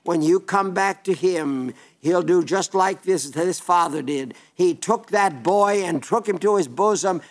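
A man's voice: sits high, unhurried, few pauses. An older man preaching an earnest sermon, pleading with listeners and repeating phrases for emphasis.

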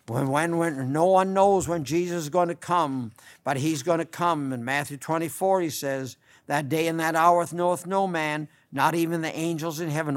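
An older man delivers a radio sermon in a somewhat high voice. He pleads fervently with his listeners and swells to loud emphasis before sinking to soft, earnest tones. His scripture quotes come in old-fashioned wording. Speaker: radio preacher.

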